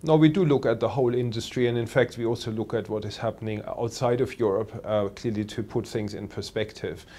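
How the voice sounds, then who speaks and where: A man working as a telecoms analyst, answering interview questions in a measured way with many pauses and fillers. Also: on the low side, steady tone, warm tone.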